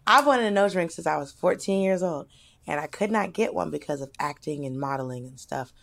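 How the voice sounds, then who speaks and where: A woman co-hosts a loose comedy podcast, spilling personal stories with lively energy and blunt language. She talks in quick bursts and shifts readily between excitement and reflection. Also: low voice, creaky. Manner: animated, candid storytelling with swearing and quick bursts. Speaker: podcast co-host. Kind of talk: casual comedic podcast chat.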